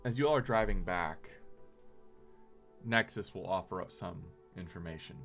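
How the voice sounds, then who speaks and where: A man's voice: low voice, normal speed, soft background music. Man narrating as game master. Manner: relaxed, plain narration with calls of numbers.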